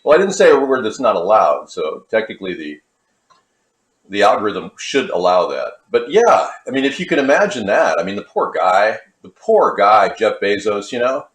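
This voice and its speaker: A man's voice: fairly low pitch, big pitch swings, normal speed. A man from Hollywood, California, hosting a cooking livestream and rambling in conspiratorial asides to his chat. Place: home kitchen. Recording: echoey kitchen with faint clatter.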